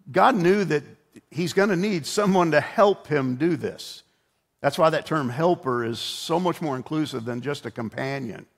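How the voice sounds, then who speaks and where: A man's voice: mid-range voice, creaky. A middle-aged man preaching a sermon in a conversational, humorous storytelling way, often restarting his words. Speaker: pastor.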